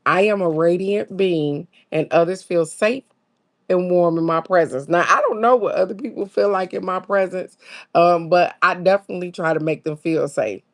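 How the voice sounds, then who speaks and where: A woman, hosting a casual spiritual chat, reading affirmations and greeting viewers, laid-back and musing. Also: moderate pace. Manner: chatty, greets viewers by name, reads affirmations aloud; laid-back, musing, with sudden high exclamations. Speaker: host of a daily card-reading stream.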